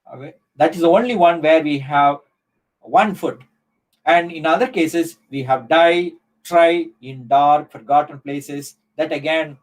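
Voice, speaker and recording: A man teaches poetry in a live online session. His voice sits a little high, and he works through each point slowly with many "uh"s and restarts. The delivery is patient and explanatory. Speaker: professor.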